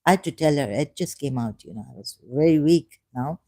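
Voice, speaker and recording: A woman from Pakistan talks in a rambling monologue, her voice mellow and warm. She drifts between quiet asides and sudden emphatic bursts, repeating phrases, recorded dry and close with no room sound. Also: sits low, expressive, fairly quick, no room sound. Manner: digressive, repeats phrases, shifts from soft asides to emphatic raised outbursts. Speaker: ex-Muslim speaker sharing his views.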